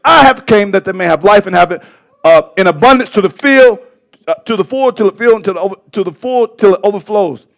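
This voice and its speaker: Man, pastor, sermon, high-pitched, gravelly, impassioned, stumbling restarts. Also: lively intonation, a little fast. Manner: impassioned preaching, swings from loud to soft.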